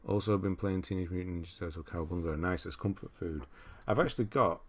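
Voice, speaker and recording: A man's voice: deep voice, fast talker. A man hosting a livestream, casually rambling as he reads out viewer comments and answers them. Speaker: livestream host.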